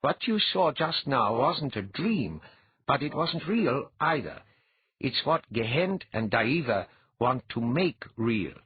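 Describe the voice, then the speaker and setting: A man reading an audiobook, voicing a brisk, commanding female goddess who talks in a crisp, no-nonsense way. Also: mid-range voice, very animated, voice pushed up, exaggerated voice. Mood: explaining. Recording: dull lo-fi.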